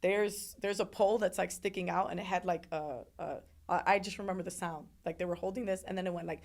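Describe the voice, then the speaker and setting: As an interview guest, a young woman recounts a painful personal story, speaking fast in a lowish, steady voice. She is earnest and tends to repeat words, sometimes acting out what other people said.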